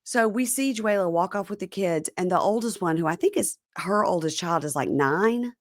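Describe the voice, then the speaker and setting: A woman's voice: on the low side, moderate pace, no echo, studio quality. A woman hosting a casual chat, recapping a reality TV episode and acting out quotes from it. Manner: lively storyteller, acts out quotes from the show. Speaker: podcast host.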